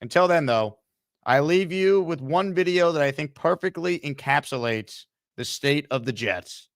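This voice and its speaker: A man's voice: on the high side, lively intonation, moderate pace, no room sound, clean studio sound. A man hosting a sports talk show, brash and joking as he wraps up the episode. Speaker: host.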